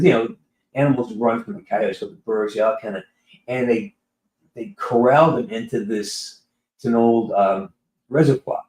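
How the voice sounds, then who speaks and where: A man chatting casually with his live-stream audience, telling a rambling, animated story with many restarts. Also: fairly low pitch. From California. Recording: roomy echo.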